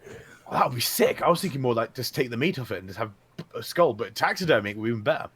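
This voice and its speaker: Playful tabletop player man, mock-formal, lively, dry recording. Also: medium pitch, fast talker, husky, dry recording. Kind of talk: in-character tabletop play.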